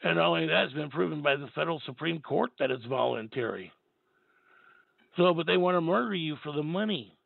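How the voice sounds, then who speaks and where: A tired man with a raspy voice, hosting a call-in talk show and rambling emphatically. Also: a little high, expressive, a little fast, no echo. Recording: tinny phone line.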